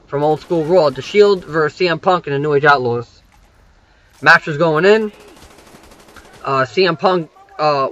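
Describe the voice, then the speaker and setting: A man's voice: on the high side, sharp tone, lo-fi sound. A young man rambling through a wrestling recap over gameplay, swearing freely and filling gaps with "you know" and "um".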